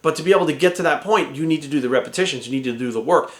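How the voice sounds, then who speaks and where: A man's voice: on the high side, rapid-fire, hardly any pauses. A man in his forties, a fitness coach, giving blunt, profane motivational advice and often asking "right?". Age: 40s. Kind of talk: casual motivational talk to camera. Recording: echoey room.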